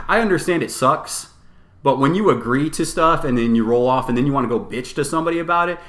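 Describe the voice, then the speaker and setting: A man in a casual podcast chat, telling a story with lots of energy and swearing. He quotes both sides of an argument back and forth. His voice sits at an average pitch and sounds roomy, as if he were recording in an echoey space. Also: animated, fast talker, fairly bright tone. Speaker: podcast co-host. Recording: roomy echo.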